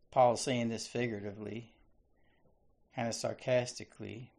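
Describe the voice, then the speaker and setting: A man's voice: medium pitch, creaky, a little mellow. A man preaching a sermon, reading scripture aloud and explaining it. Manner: slow, deliberate delivery.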